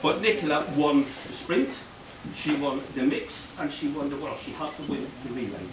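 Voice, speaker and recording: At a wedding reception, a middle-aged man gives a rambling father-of-the-bride speech full of jokes, now and then erupting into loud praise. His voice is fairly high and his pace normal, with crowd noise around him. It was recorded from far away in an echoey hall with heavy background noise.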